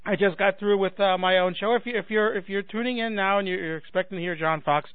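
A man's voice: sits high, quick pace, no room sound. A man hosting a radio show as a fill-in, chatting casually and rambling with frequent restarts and self-deprecation. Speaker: radio host filling in. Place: home in Chicago. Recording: tinny dry phone-like line.

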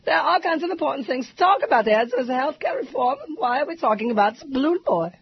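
A woman radio talk show host, hoarse from a cough, chatting and joking with frequent laughter. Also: sits high, very animated, fast talker. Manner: laughs a lot, jokey, chatty. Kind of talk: casual comedic talk radio banter. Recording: dull radio broadcast audio.

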